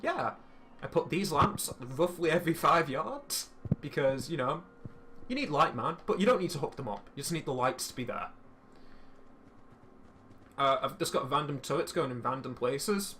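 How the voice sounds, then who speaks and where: A young man telling a story in casual chat while streaming a game, swearing freely and animated. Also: fairly high pitch, moderate pace, pauses often, slight background noise.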